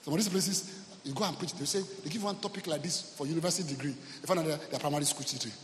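A man with a high-pitched voice preaches to his congregation, animated and theatrical, often checking that the listeners are with him. His voice rings out with a long reverb, as if he were recorded in a large church hall. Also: very fast, a little hiss or hum. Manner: animated, acts out quotes and calls to the congregation. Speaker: pastor. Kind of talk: sermon.

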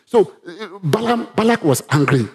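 A man with a Nigerian accent preaching a sermon, reading Bible verses aloud and breaking into sudden loud, animated rises. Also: sits high, moderate pace. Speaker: pastor.

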